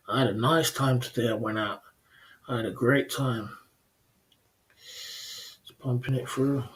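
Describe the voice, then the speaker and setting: A man hosting a livestream in casual chat, repeating his phrases, speaking in slang and laughing often. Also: mid-range voice. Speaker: livestream host.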